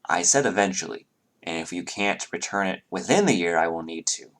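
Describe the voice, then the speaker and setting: A man playing a composed duchess in a tabletop game, polite and formal. The voice sits very low and measured, unhurried, like a careful administrator. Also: steady tone, a bit bright. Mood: explaining. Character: formal, measured duchess, middle-aged woman. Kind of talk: tabletop role-play voicing.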